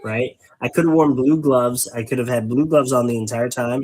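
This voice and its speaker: A man's voice: medium pitch, a little fast, few pauses, darkish tone, low-quality recording. A man hosting a casual hobby stream while painting miniatures, rambling and wordy, making fun of himself. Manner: wordy, rambling, self-mocking. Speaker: host.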